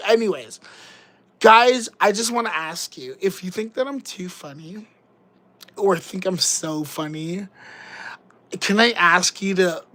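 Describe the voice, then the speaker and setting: A woman's voice: on the low side, fairly bright tone, poor audio. A woman, hosting a casual livestream and chatting in a giggly, rambling, joking way. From Canada. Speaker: livestream host.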